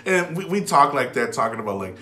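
A man telling a personal story to camera in a rambling, casual way, full of "like" and restarts, sometimes dropping to a hush. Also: mid-range voice, sing-song, brisk, slight background noise. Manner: drops to a hush when retelling whispered moments. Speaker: vlogger. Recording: echoey room with faint background music.

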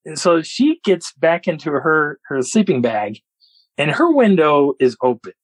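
Male guest storyteller, husky and animated, acts out sounds and voices, dry close recording. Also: fairly high pitch, unhurried, no echo, rough recording. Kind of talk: storytelling a personal encounter.

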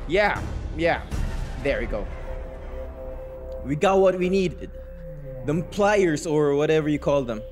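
A young man gives nervous running commentary on a horror game, dropping to hushed mutters and then bursting into panicked shouts. His voice sits high and swings widely in pitch, and it sounds a little worn. Game music plays clearly behind him. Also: expressive, slow, long pauses. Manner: talks to viewers while playing. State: losing his voice. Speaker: gaming YouTuber.

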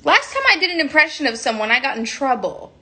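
A woman's voice: high voice, very animated, fast talker, bright, forceful tone. A young woman chatting casually on a phone livestream, giggling, rambling and cutting herself off mid-sentence. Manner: giggly, rambling, self-interrupting.

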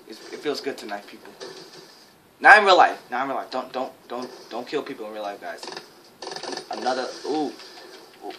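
A woman giving excitable, jokey live commentary while playing a shooter game, with sudden high yelps. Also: fairly quick, pauses often. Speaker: gaming channel host. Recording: game noise behind.

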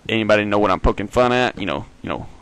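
A man giving rambling, jokey let's-play commentary as host of a gaming video, giggling and breaking into sudden high squeals. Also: a bit bright.

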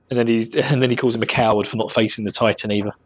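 A man's voice: mid-range voice, fairly even intonation, brisk, breathy edge, dull audio. A man co-hosting a casual podcast, chatting loosely and laughing often. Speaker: podcast co-host. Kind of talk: casual chat.

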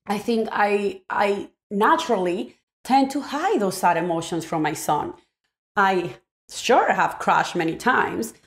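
A woman tells a personal story about parenting straight to camera. She speaks in a reflective, earnest way at a middle pitch and often restarts her sentences as she searches for words. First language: Spanish. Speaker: parenting vlogger.

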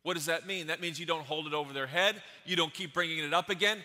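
A pastor preaching a sermon, stressing his points with repeated phrases and sudden swings between loud and soft. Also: fairly high pitch, fast talker, few pauses, big-room sound.

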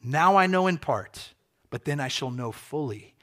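A man's voice: on the high side, expressive, a bit bright. Earnest male preacher, emphatic repetitions. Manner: earnest, emphatic preaching with repeated phrases and dramatic slowdowns. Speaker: pastor. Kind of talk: sermon.

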